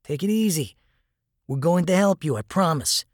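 An earnest, shaken young army corporal speaks urgently and soothingly in a raised, higher voice, as a man puts him on. This is a storybook reading. The sound is dry and close, with no room around it. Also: expressive, moderate pace, no echo. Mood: reassuring.

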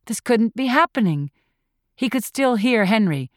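A woman reading thriller narration in a measured, tense storytelling voice. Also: on the high side, big pitch swings, no echo, clean studio sound. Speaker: audiobook narrator.

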